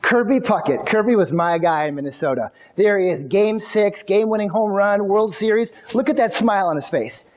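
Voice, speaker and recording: Energetic high-voiced male keynote speaker. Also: brisk, hardly any pauses. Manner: energetic, storytelling, addresses audience directly. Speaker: motivational speaker. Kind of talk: keynote speech to an audience.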